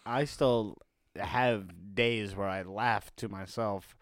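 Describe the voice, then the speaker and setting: A man's voice: lowish voice, fairly even intonation, slow pace, no echo, clean studio sound. A young man co-hosting a casual podcast, swearing, teasing and laughing often. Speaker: podcast co-host. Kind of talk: casual crude podcast banter.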